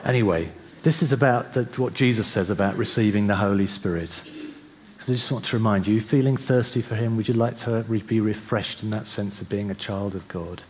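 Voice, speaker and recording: Deep-voiced male preacher, conversational sermon delivery, faint background noise. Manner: conversational, with restarts, slowing to soft reflective passages.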